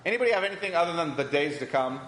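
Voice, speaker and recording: Speaking very fast and expressively, a man with a slightly high, somewhat bright voice runs a Bible class in a church hall. He poses questions to the group and repeats what they answer, and the recording has the hall's long, echoey reverb.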